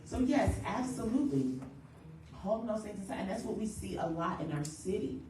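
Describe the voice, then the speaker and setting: A woman grief counselor leading a church workshop, talking in a lively way and acting out quick everyday quotes. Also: mid-range voice, heavy background noise. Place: church hall. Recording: echoey room, voice from far off.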